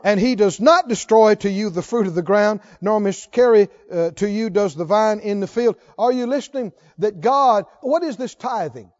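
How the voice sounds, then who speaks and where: A man preaching a sermon as pastor, reading scripture and rising to shouted exhortations to the congregation. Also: high-pitched, normal speed, hardly any pauses. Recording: dull lo-fi sermon recording.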